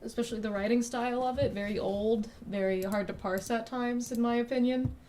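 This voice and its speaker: A woman's voice: on the high side, fairly even intonation, brisk, dark tone, slight background noise. A woman streamer chatting casually while drawing, rambling and self-deprecating, swearing freely. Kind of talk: casual live-stream chat.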